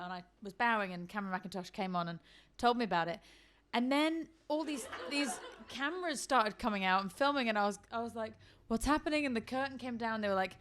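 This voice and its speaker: A young adult woman from the Isle of Man, a guest in a casual chat, telling lively stories and mimicking the people in them. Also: a little high. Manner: lively storyteller, mimics family and crew in quotes.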